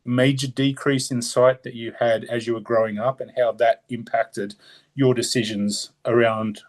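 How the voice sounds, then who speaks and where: A man's voice: mid-range voice, level tone, moderate pace. A man with an Australian accent co-hosting a podcast in casual chat, talkative and prone to tangents. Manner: chatty, rambling, steers off on tangents. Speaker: podcast co-host.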